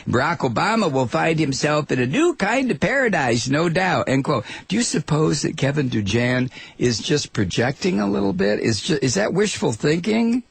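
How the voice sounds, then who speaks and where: A man hosting a political talk radio show, ranting in a sarcastic, mocking monologue that swings from loud outrage to low muttering. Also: very animated, normal speed, vocal fry, few pauses, husky.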